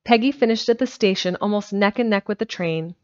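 A woman reading a storybook aloud in a steady, plain way on a home stream. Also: mid-range voice, fairly quick. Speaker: amateur audiobook reader. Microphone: home streaming microphone. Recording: dull lo-fi home recording.

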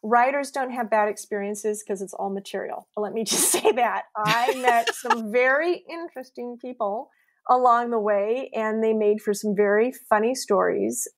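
A woman's voice: on the high side, normal speed. A woman writer, a podcast guest, telling personal stories in a casual interview, laughing often and acting out what people said. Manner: animated, laughs often, acts out quoted lines.

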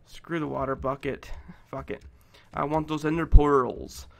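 A man giving let's play commentary, excitable and profane, shouting at game monsters. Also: on the high side, measured pace, creaky. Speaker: gameplay commentator.

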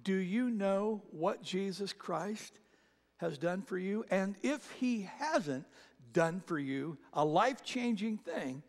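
A man preaching a conversational sermon as pastor, animated in his retelling, slowing down for emphasis. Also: sits high. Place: church sanctuary. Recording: long hall reverb.

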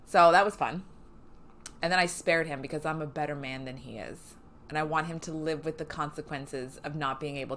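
A woman streams a game while chatting casually, swearing freely and often making fun of herself. Her low voice is a bit bright and moves at a moderate pace, with a little hiss or hum on the recording.

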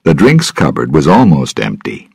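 Male narrator for learner stories, very deep, husky, dry close sound, slow and lively in pitch. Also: no echo. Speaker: storyteller. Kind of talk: graded-reader story narration for English learners.

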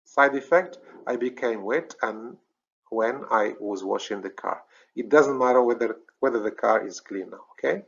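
A man's voice: mid-range voice, normal speed, gravelly, a bit bright, husky, muffled recording. A man with a Moroccan accent teaching a recorded grammar lesson, explaining step by step, often checking "okay?" and correcting himself. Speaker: English teacher.

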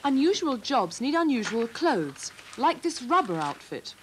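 A woman's voice: sits high, big pitch swings, unhurried, noisy background. A woman presenting children's TV, narrating in an upbeat voice-over.

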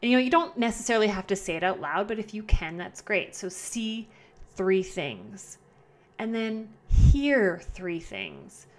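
A woman hosting her own podcast from home, chatting casually and repeating herself, often slowing down on purpose. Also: medium pitch. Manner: chatty, repetitive, self-correcting, slows down to model calm breathing. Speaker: podcast host. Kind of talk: casual solo podcast talk. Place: at home indoors. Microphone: camera close by.

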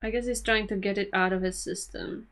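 A woman's voice: mid-range voice, steady tone, a little fast, fairly bright tone. A woman hosting an anime reaction, talking casually and emotionally to the screen and laughing often.

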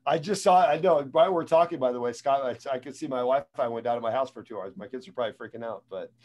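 Male guest, middle-pitched voice, loose casual talker who repeats himself and restarts lines. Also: fairly quick, a little mellow, highs cut off. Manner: rambling, repeats words and restarts sentences. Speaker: guest speaker on sales and mindset. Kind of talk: casual conversational advice.

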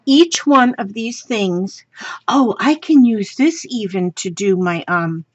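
A woman talks slowly and warmly to her viewers from her craft room, gushing over each little thing she pulls out. Her voice has a husky, breathy edge, and the recording sounds slightly dull and lo-fi. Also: medium pitch, dry recording. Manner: gushing and excitable, talks to viewers while handling items. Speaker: craft vlogger. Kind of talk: casual unboxing chat.

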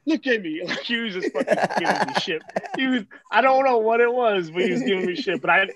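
A man telling a story to friends in profane, slangy, animated casual talk as host of a vlog. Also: high-pitched, fast talker.

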